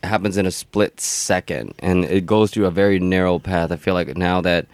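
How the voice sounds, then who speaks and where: A man hosting a podcast, calmly working through an idea and encouraging his guest. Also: low-pitched, normal speed, no echo. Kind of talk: casual podcast conversation.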